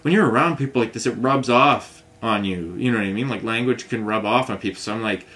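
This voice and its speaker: A man's voice: mid-range voice, quick pace, fairly bright tone. Man in a casual vlog, venting in a rambling way with lots of asides. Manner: rambling, frustrated, many "you know what I mean" asides. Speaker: vlogger. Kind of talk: casual storytelling to camera.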